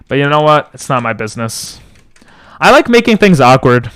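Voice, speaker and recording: A young man streaming from home on a close boom mic, rambling and joking as he answers chat. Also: sing-song, moderate pace, fairly bright tone, clear, resonant tone, dry recording. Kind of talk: casual live-stream chat. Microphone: boom mic close to the mouth.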